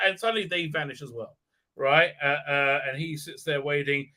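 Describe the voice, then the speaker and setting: A man rants his way through an episode recap, sarcastic and scornful. His voice is very bright and cutting and sits a little high. He mocks the characters by mimicking them, and his talk is full of stammered fillers and repeated "right?". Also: moderate pace. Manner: mocking, mimics characters in exaggerated squeaky voices. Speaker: channel host.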